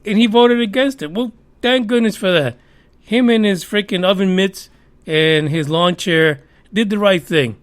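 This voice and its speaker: A man's voice: sits high, measured pace. A man hosting a podcast, giving heated, profane, sarcastic commentary on the news. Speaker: podcast host.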